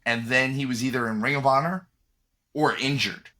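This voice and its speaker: A man's voice: medium pitch, moderate pace, sharp tone. A man co-hosting a podcast in casual chat, opinionated and emphatic, often restarting his sentences. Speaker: podcast co-host.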